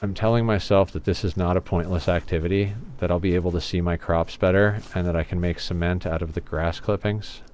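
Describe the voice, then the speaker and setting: A very tired man streaming a game and chatting candidly with viewers in a soft-spoken, rambling way. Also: low-pitched, fairly even intonation, brisk, few pauses, slight background noise. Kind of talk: casual live-stream chat with viewers.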